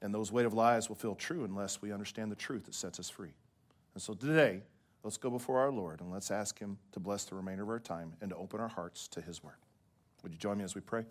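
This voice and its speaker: A pastor delivering a sermon to his congregation in a lively preaching manner. He checks in with "right?" and now and then drops his voice soft and quiet for emphasis. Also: lowish voice, quick pace.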